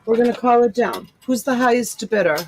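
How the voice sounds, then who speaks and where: A woman's voice: fairly high pitch, fairly quick, a little hiss or hum. A woman hosting a casual live-stream jewelry sale, gushing over pieces and joking with viewers. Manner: gushing, exclaims over items, laughs often. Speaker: host selling jewelry lots in a live stream.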